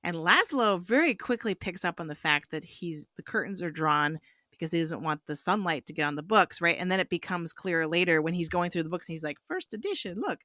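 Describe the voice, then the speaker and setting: A young woman in a casual film review discussion, animated and quick to act out characters in quotes. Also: fairly low pitch, dry recording, clean studio sound. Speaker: film review podcast panelist.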